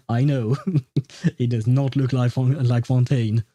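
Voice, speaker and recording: A man's voice: medium pitch, level tone, slow, warm tone, dry recording. A man from France, chatting casually on a game livestream, answering viewers with frequent chuckles and lots of hesitant fillers.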